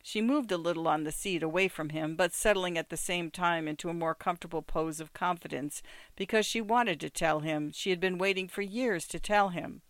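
An audiobook narrator reading literary fiction in a measured, even way. The voice sits at a middle pitch and is recorded close and dry, with no room around it. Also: dry recording.

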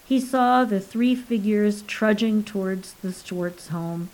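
Slow, measured woman reading a story. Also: medium pitch, darkish tone, rough recording. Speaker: narrator. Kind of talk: audiobook reading.

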